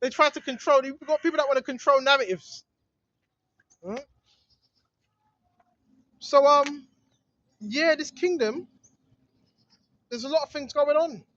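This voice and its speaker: A man preaches on a vlog from a small hidden spot in the woods. His voice sits high, and he rambles with emphasis, often tacking on "right?". The sound is dull and lo-fi, with very little echo. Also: a little slow, long pauses, sharp tone. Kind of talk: outdoor religious vlog monologue.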